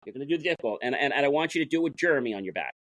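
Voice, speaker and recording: A man acting out a stern, demanding male football coach who fires off blunt, rapid commands. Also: medium pitch, animated, fairly bright tone, no room sound, natural voice, poor audio.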